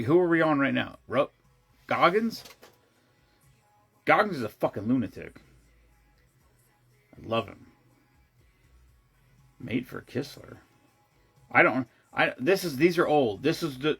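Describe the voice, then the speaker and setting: A man in casual conversation, talking in loose, rambling runs that often break off and start again. His voice sits in a middle pitch, and he drops in blunt, profane asides as he goes. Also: gravelly, a bit bright, breathy edge. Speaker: show regular. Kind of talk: casual chat.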